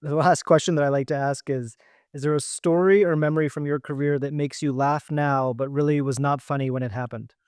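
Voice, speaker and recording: A man's voice: fairly high pitch, steady tone, a little fast, a little mellow, smooth, no room sound, studio quality. A man hosting a podcast, asking questions and reading an upbeat outro with thank-yous. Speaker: podcast host. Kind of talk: interview and outro read.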